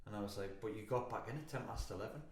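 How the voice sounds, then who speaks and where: A man's voice: on the low side, racing. A man with a British accent telling crude, sweary anecdotes in casual podcast banter, often breaking into laughter. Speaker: podcast co-host. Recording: echoey room, faint noise.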